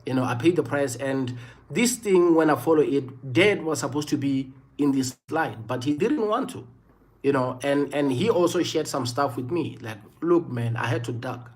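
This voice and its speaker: A South African man in his thirties tells a personal story on a livestream. His voice sits at an ordinary middle pitch. He speaks earnestly, circling back to repeat his points and leaning on "you know" fillers. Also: lively intonation, moderate pace. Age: 30s. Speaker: livestream host.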